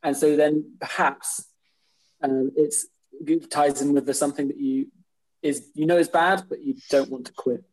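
Mellow-voiced hesitant man. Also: on the high side, fairly even intonation, moderate pace, low-quality recording. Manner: rambling, hesitant, lots of "like" and "I mean". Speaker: podcast co-host. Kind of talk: casual chat.

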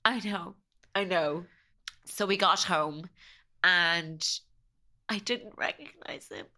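A woman's voice: lowish voice, slow, pushed and bright. A young woman, a podcast guest, telling a personal story in a chatty way, often quoting herself and her family.

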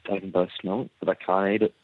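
A man's voice: deep voice, level tone, quick pace. A man leaving a jokey voice message for a podcast. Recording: tinny phone voice message from off mic.

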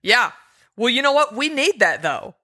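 A woman hosting a podcast in casual chat, enthusiastic and quick to joke. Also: on the high side, sing-song, sharp tone. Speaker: podcast host.

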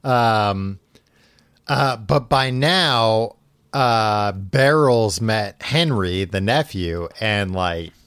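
Slow, rambling casual man. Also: lowish voice, animated, a bit bright, clear, resonant tone, no echo, studio quality. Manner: loose, rambling, full of "like" and quick character asides. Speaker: podcast host retelling a book. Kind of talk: casual chat, paraphrasing the story.

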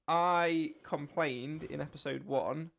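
A man's voice: fairly high pitch, takes it slowly, vocal fry, a bit bright. A man co-hosting a podcast in casual chat, jokey and rambling as he thinks aloud. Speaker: podcast co-host.

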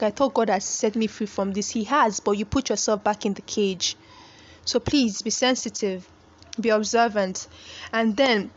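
A woman's voice: fairly high pitch, dull audio. Earnest woman pleading like a preacher. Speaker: podcast host. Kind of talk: faith podcast monologue.

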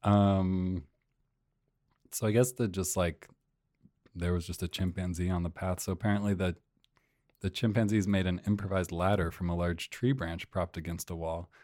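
A man's voice: low-pitched, fairly even intonation, moderate pace, darkish tone, no room sound, studio quality. A man in his thirties co-hosting a podcast, chatting casually and reading out a news story with amused asides. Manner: amused, rambling, reads out news stories. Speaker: podcast co-host. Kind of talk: casual chat.

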